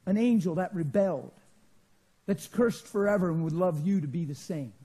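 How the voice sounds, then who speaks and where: A man preaching a sermon in a church, telling stories that swing from loud bursts to hushed quiet. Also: sits high, animated, moderate pace, breathy edge.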